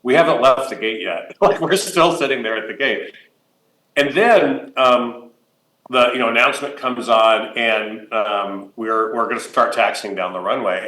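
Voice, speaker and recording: A man giving a conference keynote, telling a personal story in a lively, anecdotal way with fillers and laughs. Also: lowish voice. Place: conference hall. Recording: roomy conference hall.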